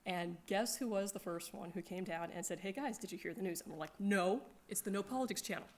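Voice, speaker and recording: A woman telling casual, animated stories about her gaming group, laughing often and acting out her friends' lines. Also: medium pitch, fairly quick. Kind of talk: casual storytelling to a crowd.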